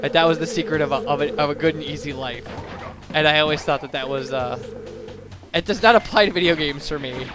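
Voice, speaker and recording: Young male let's player, rambling and self-mocking, slightly high voice, game music behind. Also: fairly quick. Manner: rambling, chatty, self-deprecating, with many fillers. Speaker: let's play commentator. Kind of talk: casual gameplay commentary.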